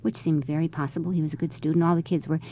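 A middle-aged woman tells a personal story in an interview. Her voice sits low and mellow, and she talks at a brisk clip, slipping into the voices of the people in her tale as she goes. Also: flat delivery, dry recording. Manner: conversational, re-enacts quoted dialogue. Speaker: interviewee, mother.

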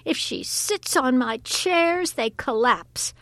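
A woman doing a shrill, frantic housewife. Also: lively intonation, slow, a bit bright, no echo, exaggerated voice. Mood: exasperated. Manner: high, exasperated complaining.

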